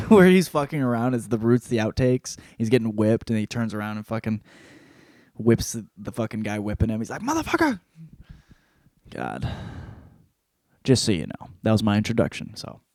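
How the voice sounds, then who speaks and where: A man hosting a podcast, rambling through a casual book review with constant swearing and animated storytelling. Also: mid-range voice, no echo, studio quality. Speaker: podcast host.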